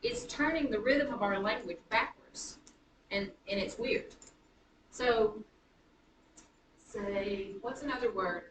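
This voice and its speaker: A woman teaching a high school writing class, chatty and self-correcting as she taps out rhythms aloud. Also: slow, pauses often. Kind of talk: classroom lecture. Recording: roomy classroom from a distance, faint noise.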